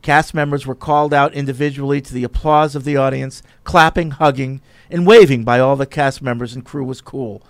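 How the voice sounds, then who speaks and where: A man's voice: mid-range voice, fairly even intonation, fairly quick, few pauses, no room sound, clean studio sound. A man hosting a casual sports podcast, chatting with co-hosts and reading listener emails aloud in an easygoing way. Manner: easygoing, wraps up the show brightly. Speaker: podcast host.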